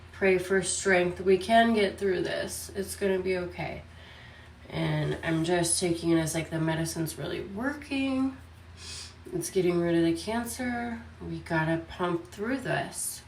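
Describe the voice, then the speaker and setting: A woman vlogging casually about her days, tired and out of breath, speaking softly. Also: on the low side, reverberant, recorded from a distance, a little hiss or hum. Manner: weary, speaking softly and slowly. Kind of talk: casual personal vlog. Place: hospital room, then home.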